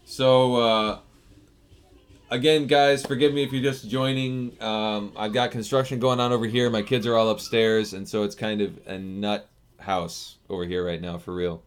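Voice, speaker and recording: A man from the States hosts a laid-back live stream, chatting through viewer comments. His voice sits slightly low, and his talk rambles with easy restarts. He speaks close to a desk microphone. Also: steady tone, moderate pace, smooth. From United States. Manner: chatty, reads viewer comments and answers them, loose with restarts. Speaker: software developer streaming live. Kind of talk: casual live-stream chat.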